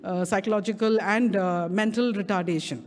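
A middle-aged woman with an Indian English accent preaching a sermon at a prayer meeting, stretching key words slowly for emphasis. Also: medium pitch, steady tone, darkish tone. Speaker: guest speaker. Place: church prayer hall. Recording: reverberant hall.

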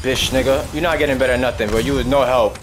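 A man's voice: medium pitch, fairly even intonation, quick pace. A young man giving casual gameplay commentary, exclaiming and swearing in frustration as he keeps losing. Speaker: gaming streamer.

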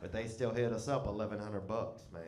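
A man's voice: lowish voice, steady tone, a little fast, darkish tone, roomy sound. A man telling a comic story in a loose, rambling, profane way, often breaking into laughter. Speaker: comedian.

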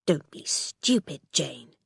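A woman's voice: low voice, very animated, takes it slowly, gravelly, a bit bright, husky, no echo, studio quality, pitched below the performer's own voice, heavily acted. A woman voicing a firm, stern mother of five in a storybook reading.

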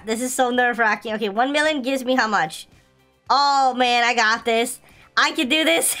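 Young woman gaming host, high voice, excitable casual commentary, light music underneath. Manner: excitable, chatty, frequent laughs.

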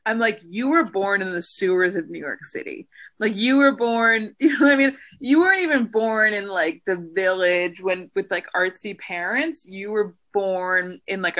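A woman's voice: medium pitch, normal speed, fairly bright tone. A woman co-hosting a casual chat podcast, playful, teasing and frank with her guest. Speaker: podcast co-host.

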